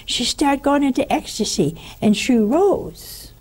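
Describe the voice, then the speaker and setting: A woman giving a conversational spiritual teaching, telling stories with lively asides to her listeners. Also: high-pitched, takes it slowly, breathy edge.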